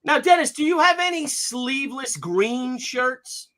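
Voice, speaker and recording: A man's voice: very high-pitched, measured pace. A man in his fifties hosting a casual live stream, joking and telling anecdotes. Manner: jokey, animated, tells gags and anecdotes. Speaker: stream host.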